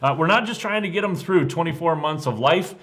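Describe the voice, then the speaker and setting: A man's voice: on the high side, lively intonation, brisk, fairly bright tone. A man co-hosting a ministry podcast, speaking earnestly and reflectively, with many fillers and restarts. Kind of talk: casual podcast discussion.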